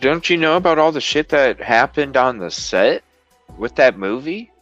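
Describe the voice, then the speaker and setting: A man's voice: mid-range voice, animated, normal speed, fairly bright tone, lo-fi sound, faint music behind. A man on a casual chat panel, laid-back and agreeable, swearing casually. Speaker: panel guest.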